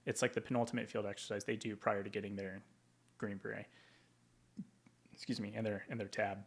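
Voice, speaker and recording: A man's voice: lowish voice, flat delivery, a little fast, gravelly, breathy edge. A man from Tacoma, Washington, a veteran guest in an interview, telling stories casually with plenty of ums and likes. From Tacoma, Washington, USA. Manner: rambling, with frequent ums and likes.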